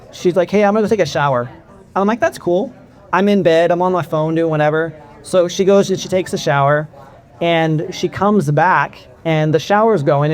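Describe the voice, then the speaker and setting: Candid middle-aged man telling his story. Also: on the high side. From California. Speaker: convention speaker. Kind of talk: personal talk to an audience.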